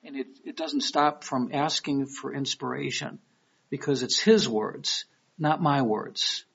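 A creaky, slightly rough mid-range voice carries this middle-aged pastor's sermon at a measured pace. He is from Michigan, has a Detroit accent, and preaches in a conversational storytelling manner with lively quoted voices. It was captured on a dull lo-fi recording.

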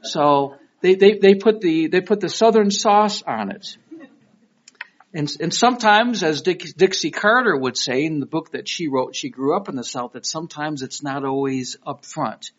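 The sermon comes from a middle-aged Michigan pastor with a Detroit accent, his fairly high voice moving at a moderate pace. He preaches conversationally, telling stories and voicing quotes with energy, all on a dull lo-fi recording.

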